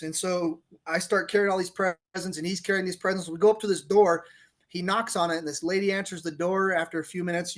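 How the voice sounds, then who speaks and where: Animated high-voiced male storyteller. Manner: animated storyteller, laughs often, acts out quotes. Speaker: guest, police officer turned author. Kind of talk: casual storytelling interview.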